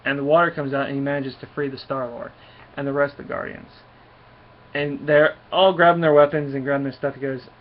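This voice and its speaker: A man's voice: medium pitch, level tone, a little fast, slight background noise. A man giving a casual comic book review, enthusiastic and rambling with frequent restarts. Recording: dull lo-fi recording.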